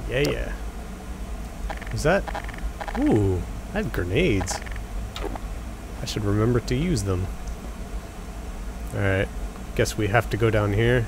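A young man riffs through casual gameplay commentary, joking and chatting with the characters on screen. His voice is gravelly and his speech slow. Clear game sounds run behind him. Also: fairly low pitch, lively intonation. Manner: jokey, chatty, talks to enemies. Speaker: let's play gamer. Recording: game noise under voice.

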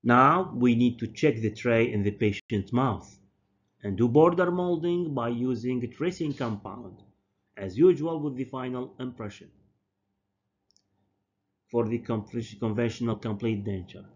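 A male dental professor, a native Arabic speaker, gives a university lecture slowly and deliberately, often repeating and correcting his terms. His voice is mid-range, and the recording is dull and lo-fi.

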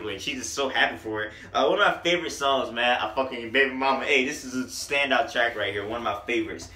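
A man's voice: medium pitch, a little fast, sharp tone, roomy sound, slight background noise. A man giving a casual, profane and joking music review.

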